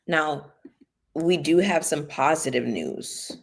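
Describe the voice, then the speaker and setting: This channel host's voice sits low, with lively intonation and a measured pace. Tipsy on bubbly during a casual commentary livestream, she curses heavily and speaks in a blunt, heated manner.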